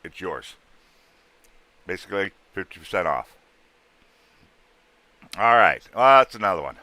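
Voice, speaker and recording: A man hosting a livestream, bluntly pitching ghost hunting gear in rough, casual sales patter. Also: sing-song, measured pace, sharp tone. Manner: rough-spoken, blunt, salesman patter with sound-effect noises.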